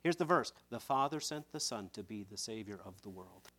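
Fervent male preacher, hushed to loud. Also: lowish voice, expressive, fairly quick. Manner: swings between hushed and loud emphatic preaching; fervent, repeats words when stressing a point. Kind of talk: sermon.

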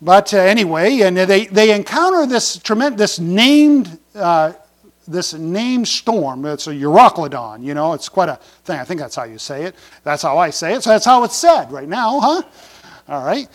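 High-voiced male preacher. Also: lively intonation, moderate pace. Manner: conversational, asks the congregation questions, paraphrases scripture; swings between loud emphatic lines and quiet asides. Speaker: pastor. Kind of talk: sermon.

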